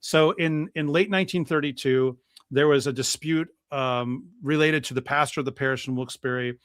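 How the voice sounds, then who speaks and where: A priest telling a church history story in a lively talk-show conversation, with plenty of fillers and restarts. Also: male voice, medium pitch, moderate pace, no room sound, clean studio sound. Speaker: guest priest.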